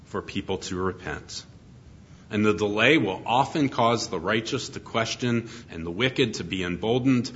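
A man's voice: mid-range voice, a bit bright, lo-fi sound. A middle-aged man preaching an expository sermon, earnest and emphatic, asking his listeners rhetorical questions. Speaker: pastor.

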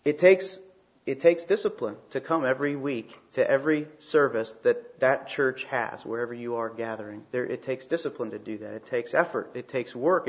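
A man preaching a sermon in an emphatic way, asking rhetorical questions and repeating phrases for weight. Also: mid-range voice. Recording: slightly dull, lo-fi sound.

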